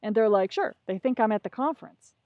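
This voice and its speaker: A middle-aged woman telling a story as a podcast guest, animated and a bit profane, acting out what people said. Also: medium pitch, fast, no room sound, phone-quality sound. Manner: animated, acts out voices, profane. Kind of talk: casual storytelling.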